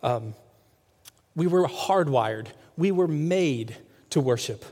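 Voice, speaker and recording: A man's voice: fairly high pitch, animated, takes it slowly, darkish tone. A male pastor preaching a sermon in a church, conversational, often asking the congregation questions. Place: church sanctuary. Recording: long hall reverb.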